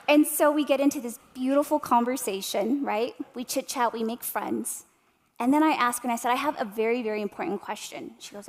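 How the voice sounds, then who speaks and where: Woman, 30s, motivational speaker, passionate, asks the room questions, slightly high voice, long hall echo. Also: brisk. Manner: passionate, addresses audience directly with rhetorical questions. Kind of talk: inspirational keynote speech. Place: room with a live audience.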